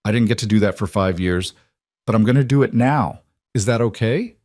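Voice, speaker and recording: A man's voice: on the low side, fairly quick, darkish tone, dry recording, studio quality, lightly acted. A man voicing a hard, protective mafia boss who speaks firmly. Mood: steady. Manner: firm and commanding. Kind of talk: audiobook character voice.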